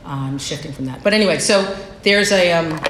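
A woman's voice: deep voice, normal speed, fairly bright tone. A woman giving a personal recovery share at a meeting, candid and self-deprecating in how she tells her story. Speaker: speaker sharing at a recovery meeting. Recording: echoey room, faint background noise.

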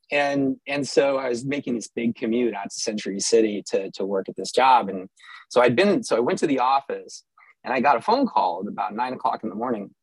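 A man's voice: mid-range voice, slightly rough, dry recording, poor audio. A middle-aged man from Southern California telling a personal story with wry, self-mocking humor and frequent restarts.

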